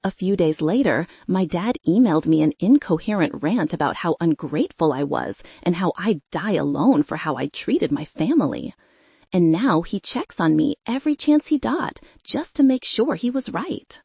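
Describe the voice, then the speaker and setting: Brief: woman audiobook narrator, measured and restrained, dark husky tone, dry close studio sound. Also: lowish voice, lively intonation, no room sound. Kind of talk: scripted first-person narration.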